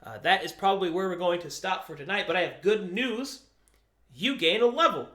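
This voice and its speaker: Game master, man, high voice, upbeat and loose, roomy echo. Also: brisk, fairly bright tone. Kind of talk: running a tabletop game.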